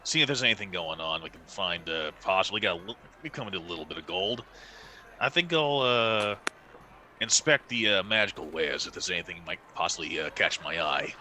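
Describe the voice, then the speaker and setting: A man at a tabletop game who speaks half in character and hedges each plan with fillers. His voice sits a little low, with a very bright, sharp edge to it. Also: animated, a little fast. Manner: casual and hesitant, with fillers and mild cursing. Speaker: player. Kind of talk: tabletop role-play, in character.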